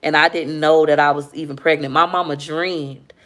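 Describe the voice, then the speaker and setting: A woman's voice: deep voice, moderate pace. A young woman, chatting candidly with viewers on a casual livestream and reading their comments. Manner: chatty, candid, animated when retelling.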